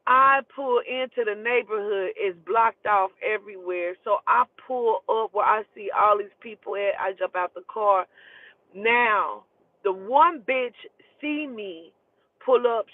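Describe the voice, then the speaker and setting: A woman's voice: medium pitch, measured pace, no echo. Blunt, profane woman on a tinny line. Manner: blunt, profane, emotional retelling. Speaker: storyteller. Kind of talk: casual storytelling. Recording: tinny phone-like dry sound.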